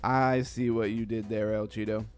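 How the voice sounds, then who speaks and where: A man hosting a casual crypto livestream, chatting loosely, reading out chat messages and trailing off into low mumbles. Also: flat delivery, moderate pace, clear, resonant tone, soft background music. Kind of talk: casual live-stream chat.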